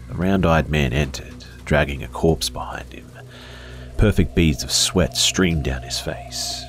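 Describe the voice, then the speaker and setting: A man reading a horror story aloud as scripted narration, slow and often dropping into a hushed near-whisper. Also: a bass voice.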